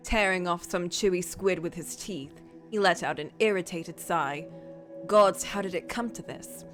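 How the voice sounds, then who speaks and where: A woman's voice: mid-range voice, moderate pace, a bit bright, faint music behind. A woman streamer reading a story aloud in a casual way, with playful, chatty asides.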